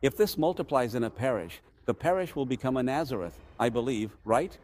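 A man's voice: mid-range voice, lively intonation, a little fast, a little mellow. A man, a parish priest, giving an earnest teaching talk to parishioners, emphatic and full of rhetorical questions.

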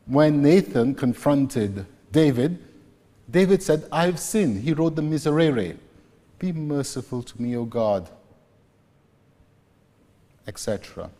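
A man preaching a sermon, slowly and deliberately retelling scripture scenes. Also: medium pitch, expressive, dark tone. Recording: long reverb, echoey hall.

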